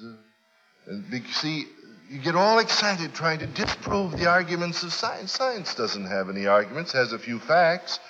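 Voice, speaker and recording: A man preaching a sermon with emphatic, forceful delivery that builds to loud peaks. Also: fairly low pitch, highs cut off.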